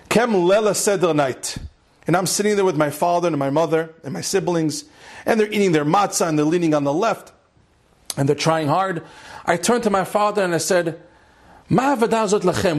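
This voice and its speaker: A man's voice: sits high, breathy edge. A man, a rabbi giving a Torah class, telling a story with lots of repetition and Hebrew and Yiddish terms mixed into his English, building up to an impassioned peak. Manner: animated storyteller, repeats phrases, rises to impassioned climax.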